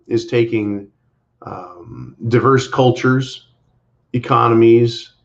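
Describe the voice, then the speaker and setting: A man co-hosting a livestream, giving casual political commentary in an emphatic, repetitive way and speaking to viewers as "folks". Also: on the low side. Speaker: livestream co-host. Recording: dull lo-fi livestream audio.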